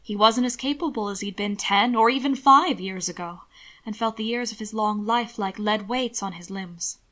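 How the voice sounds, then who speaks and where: A woman reads fan fiction aloud in a soft, steady voice at a middle pitch. Her narration stays even and unhurried as she describes each scene.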